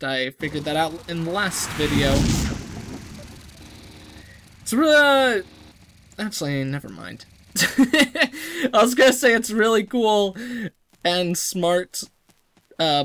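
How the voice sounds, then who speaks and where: Rambling, lively let's-play commentator. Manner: rambling, self-deprecating, trails off and restarts; lively, jumpy pitch. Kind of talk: casual gameplay commentary.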